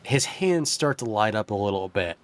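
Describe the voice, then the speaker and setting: A man narrating as game master of a tabletop game, lively and quick to laugh. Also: on the low side.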